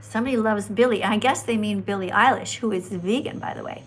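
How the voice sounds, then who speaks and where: A woman's voice: mid-range voice, fairly quick, a little hiss or hum. A woman hosting a live stream with callers, talking like a schoolteacher who instructs and scolds. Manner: says her own voice is annoying. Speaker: livestream host.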